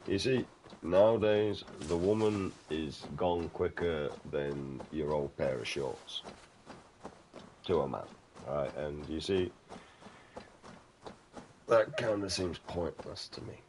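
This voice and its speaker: A man's voice: very deep voice, slow, long pauses, noisy background. A man chatting casually over gameplay, rambling, swearing freely and calling the listener mate. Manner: rambling, swears a lot, keeps saying "mate". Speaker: gaming channel host.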